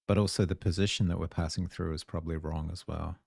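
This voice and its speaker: Gravelly low-voiced Kiwi man. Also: steady tone, fast, a little mellow, dry recording, studio quality. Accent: New Zealand. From New Zealand. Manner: muses aloud, trails off, chats with viewers. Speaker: live-coding streamer. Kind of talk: casual thinking-aloud coding stream.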